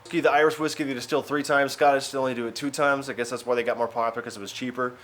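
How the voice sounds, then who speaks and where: A male comedian from Arkansas, telling travel stories in casual, animated vlog narration. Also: mid-range voice, very fast. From Arkansas, USA. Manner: chatty, animated storytelling with filler words.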